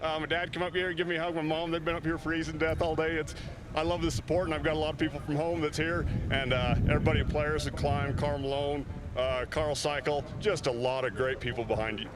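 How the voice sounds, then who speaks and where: A man being interviewed at a snowy mountain top just after his run, out of breath and talking fast and gratefully. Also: a little high, background noise. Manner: fast, excited, grateful talk. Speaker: racer interviewed at the summit. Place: snowy mountain summit outdoors.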